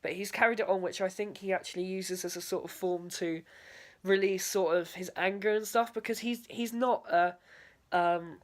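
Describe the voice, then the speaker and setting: A woman's voice: medium pitch, fairly even intonation, normal speed. A young woman, a drama student, talking through a spoken video diary in a hesitant way, full of fillers and "sort of".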